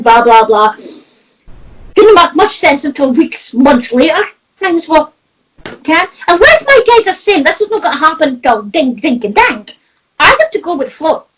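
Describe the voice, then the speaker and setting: A Scottish woman with a high, bouncing voice that swings up and down freely. She talks in an animated, chatty way as a spiritual medium, with frequent laughter. Casual conversation. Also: low-quality recording. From Scotland. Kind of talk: casual chat.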